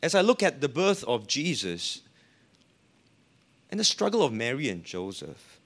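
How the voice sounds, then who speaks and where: A man's voice: medium pitch, sing-song, measured pace, fairly bright tone. A man preaching a sermon as a pastor, with an emphatic, rising and falling delivery.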